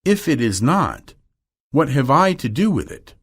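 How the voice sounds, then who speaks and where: Man voicing a witty aristocratic gent, assured, casual, higher pitch, slow. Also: sing-song, fairly bright tone, breathy edge, heavily acted.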